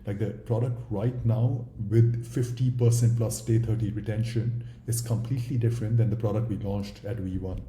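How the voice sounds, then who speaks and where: A man's voice: lowish voice, steady tone, moderate pace, few pauses, dark tone, echoey room, slight background noise. A man with an Indian accent, a startup founder talking candidly and bluntly in a casual interview, with some swearing.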